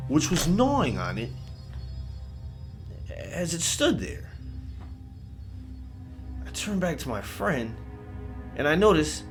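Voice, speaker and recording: A man telling a first-person scary story in a casual, profane, street-style way. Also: medium pitch. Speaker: horror story narrator. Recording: music bed under voice.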